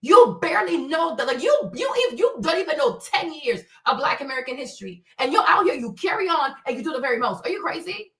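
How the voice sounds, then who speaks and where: High bright-voiced woman ranting on stream. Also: far from the mic. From Africa. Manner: emphatic, profane, rapid rhetorical questions. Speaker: streamer host. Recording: roomy echo, off-mic.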